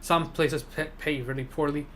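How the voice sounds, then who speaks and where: Young male streamer with a lighter, higher voice. Rants loosely and swears freely. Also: fairly even intonation, moderate pace, a bit bright, a little hiss or hum. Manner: rambling rant full of "you know" and swearing. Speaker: live streamer. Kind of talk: casual chat with live viewers.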